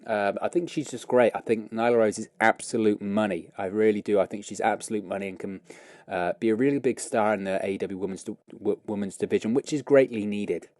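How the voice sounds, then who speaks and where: A man's voice: on the low side, a little fast, darkish tone, dry recording, studio quality. A man hosting a show, talking through his views in a casual, rambling way with many fillers and self-corrections. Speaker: wrestling podcast host. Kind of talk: casual opinion commentary.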